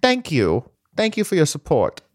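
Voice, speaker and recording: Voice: medium pitch, huge pitch swings, moderate pace, dry recording, studio quality. Someone doing a formal German job applicant. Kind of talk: improvised comedy role-play.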